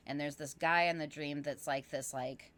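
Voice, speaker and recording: A woman guest on a podcast, telling a long personal story casually, animated and rambling with lots of fillers. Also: low voice, normal speed.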